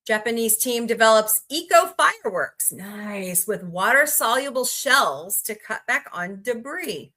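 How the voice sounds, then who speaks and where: Bright chatty woman livestream host. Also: a little high, expressive, unhurried, few pauses. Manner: chatty, greets viewers by name, rambling asides. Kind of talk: casual livestream chat.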